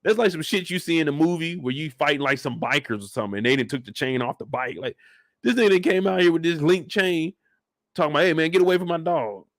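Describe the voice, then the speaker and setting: A man's voice: on the high side, expressive, fast, no room sound, clean studio sound. A man giving a casual, joking, profane breakdown of a TV episode. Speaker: show recap host.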